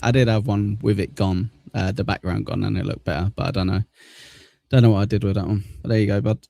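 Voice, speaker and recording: This southern English man hosts a livestream, working through viewer comments in a loose, rambling way and swearing casually, his accent leaning toward Cockney. His lowish, creaky voice has a dark, steady tone and a quick pace. There's no room sound.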